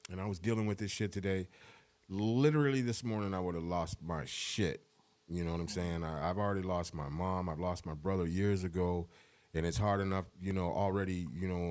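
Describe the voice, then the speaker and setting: A middle-aged man talking on a podcast, heartfelt and halting, holding back tears as he speaks. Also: low voice, a little mellow. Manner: heartfelt, profane, halting with restarts. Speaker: podcast co-host. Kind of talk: emotional casual podcast talk.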